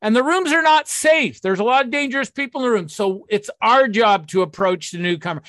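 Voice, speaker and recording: A man's voice: very high voice, animated, a little fast, few pauses, a bit bright, dry recording. A man giving a blunt, profane talk on recovery and sponsorship, acting out the people he quotes.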